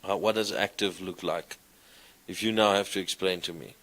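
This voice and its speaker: A man teaching a class, explaining grammar slowly and reciting verb forms in a sing-song way. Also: sits low, fairly even intonation, fairly bright tone. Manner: slow, deliberate, recites conjugations in a sing-song. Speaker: lecturer. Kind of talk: classroom lecture.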